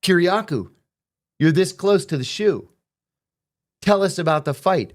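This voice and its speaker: A man's voice: high-pitched, lively intonation, unhurried, long pauses. A middle-aged man telling prison stories in casual conversation, acting out the quoted exchanges with profanity.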